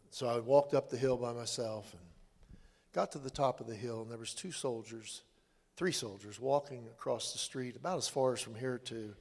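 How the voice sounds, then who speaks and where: Older guy telling his testimony, halting and earnest, mid-pitched voice, big echoey hall. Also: a little mellow. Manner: halting, earnest storytelling with restarts. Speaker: man giving his testimony. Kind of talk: spoken personal testimony. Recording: long hall reverb.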